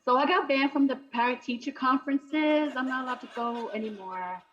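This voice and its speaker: A woman's voice: high voice, brisk, fairly bright tone, lo-fi sound. A woman doing a brash, chatty stand-up comedy set over a video call. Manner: brash, chatty, punchy delivery.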